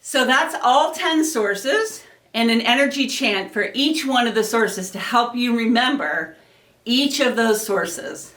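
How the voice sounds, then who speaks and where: Woman teaching kids energy chants, slow and sing-song, kinda far from the mic in an echoey room. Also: a little high, lively intonation, a bit bright. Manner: leads chants with slow, drawn-out rhythmic chanting. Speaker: energy educator. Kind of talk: classroom lesson with chants.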